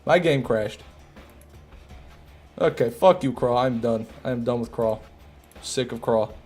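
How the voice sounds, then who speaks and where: A man's voice: mid-range voice, unhurried, a little mellow. Young guy streaming a game, joking and griping at chat, some music behind. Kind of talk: casual gameplay commentary.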